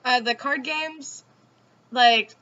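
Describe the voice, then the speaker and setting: A high-voiced woman with a sharp tone takes her time as she hosts a casual chat. She comes from the Southeastern United States, speaks with a Southern accent, giggles, chatters and swears freely, all in dull, lo-fi sound.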